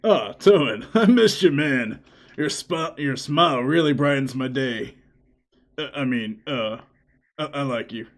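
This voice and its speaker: A man's voice: mid-range voice, animated, a little slow. A man voicing a friendly young male villager in a video game who gets flustered and stammers.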